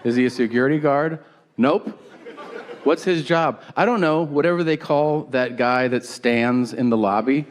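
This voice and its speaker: A man telling a stand-up comedy story on stage, acting out the people in it and sounding incredulous and exasperated. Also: on the high side. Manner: animated storytelling, mimics people in quoted lines. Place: comedy stage with live audience. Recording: live stage recording with audience noise.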